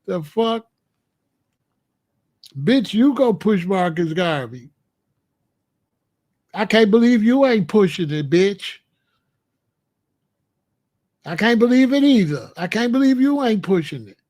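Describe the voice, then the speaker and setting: A man hosting his own livestream, hitting back at the chat in a combative, profane rant. His voice sits fairly high for a man. He mocks viewers by mimicking them. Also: lively intonation, takes it slowly, pauses often, darkish tone. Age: adult. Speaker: livestream host.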